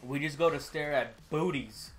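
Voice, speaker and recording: A man's voice: fairly high pitch, moderate pace, over music. A man joking and complaining about the game while chatting with friends on a live stream. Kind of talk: casual gaming banter.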